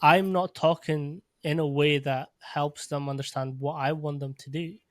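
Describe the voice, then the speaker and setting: Fairly high-voiced male podcast host, measured and reflective, dry mic. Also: steady tone, dry recording. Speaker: podcast host, strength coach. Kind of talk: casual podcast conversation.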